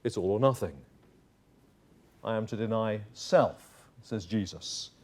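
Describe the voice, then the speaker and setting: A man's voice: fairly low pitch, unhurried. A male pastor preaching a sermon in church, emphatic and acting out little dialogues.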